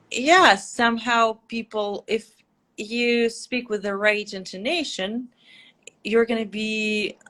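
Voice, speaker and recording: A woman's voice: medium pitch, a bit bright. A woman from Russia with a Russian mother tongue, speaking as a guest linguist on a livestream and explaining things confidently. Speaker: guest linguist and accent coach. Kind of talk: livestream interview.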